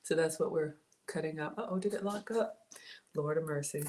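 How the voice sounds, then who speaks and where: A woman's voice: low voice, moderate pace. A woman home cook talking casually to her livestream viewers from her kitchen and greeting them by name, recorded on a phone. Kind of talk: casual cooking livestream chat. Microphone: cell phone and tablet. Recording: noisy phone livestream audio.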